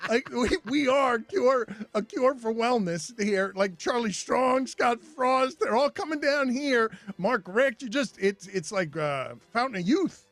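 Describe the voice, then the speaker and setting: High-voiced, laughing male radio host. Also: unhurried, few pauses, dry recording. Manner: laughing often, animated and joking. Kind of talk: casual radio chat.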